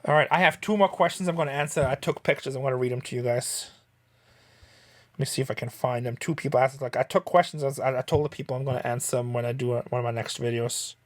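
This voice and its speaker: A man's voice: medium pitch, fairly even intonation, quick pace. A man from Southern California who hosts a reselling channel, talking in a chatty, rambling, wry way. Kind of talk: casual vlog chat.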